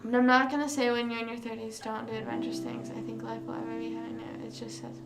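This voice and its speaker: A woman's voice: fairly high pitch, quick pace. Rambling young woman streamer, roomy sound. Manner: rambling, self-correcting, many fillers. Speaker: livestream host. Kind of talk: casual chat with live viewers. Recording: roomy sound with music behind. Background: music.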